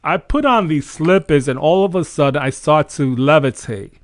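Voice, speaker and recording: A man's voice: on the high side, normal speed, no echo, studio quality. A man hosting a faith show, telling a dream story in an earnest, casual way. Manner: earnest storytelling, animated retelling. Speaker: host. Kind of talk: casual testimony.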